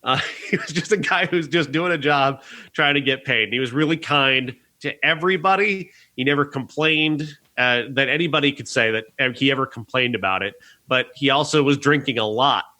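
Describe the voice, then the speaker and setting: Bright-voiced man reviewing films on a podcast. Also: mid-range voice, normal speed. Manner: earnest, rambling, frequent restarts and laughs. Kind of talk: casual review chat.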